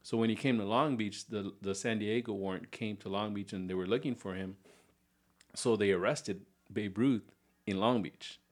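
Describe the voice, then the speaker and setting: A man on a casual podcast telling a local history story, stringing it along in a relaxed, rambling way. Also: fairly low pitch, moderate pace. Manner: relaxed, rambling retelling with restarts and "so". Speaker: podcast co-host.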